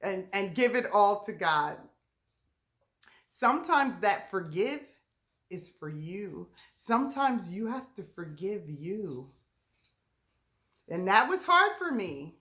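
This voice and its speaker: A woman's voice: mid-range voice, very animated, slow pace, long pauses, fairly bright tone. A woman leading a ministry message, speaking in a heartfelt, emotional way and laughing through near-tears. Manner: heartfelt, laughing through tears, Southern-tinged casual speech. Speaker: ministry leader.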